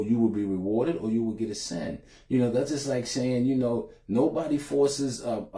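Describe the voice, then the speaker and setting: A man's voice: medium pitch, mellow. Emotional man hosting a live stream. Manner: folksy, says "man" often, emotional. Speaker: host of a live show. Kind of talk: casual live-stream talk. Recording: echoey room.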